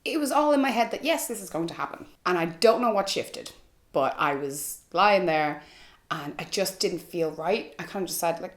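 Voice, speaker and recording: Low-voiced woman telling a personal story. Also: expressive, normal speed. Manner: candid, frank, with frequent fillers like "like" and "you know". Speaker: vlogger. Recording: echoey room.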